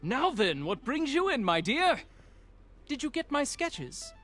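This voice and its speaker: A man voicing a flamboyant, excitable male tailor who gushes theatrically over his customer. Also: extremely high pitch, a little slow, soft background music, pitched above the performer's own voice, heavily acted. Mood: gushing. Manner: gushing, theatrical. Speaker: game streamer reading a character aloud.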